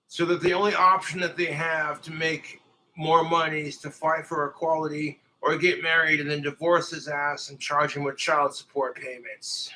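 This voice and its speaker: Forceful, crude ranting man. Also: on the high side, a little hiss or hum, rough recording. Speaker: livestreamer. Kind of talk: livestream rant.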